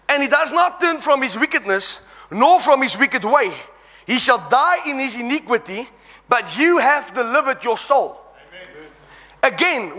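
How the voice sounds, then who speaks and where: A man's voice: very high-pitched, bright, forceful tone. A man preaching an impassioned sermon, reading scripture aloud and exhorting his congregation. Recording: long reverb in a large hall.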